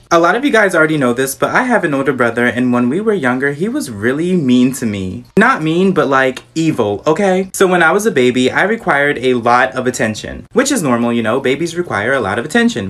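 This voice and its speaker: A man's voice: mid-range voice, fairly bright tone. A man telling a funny childhood storytime, laughing as he goes. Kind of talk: storytime monologue.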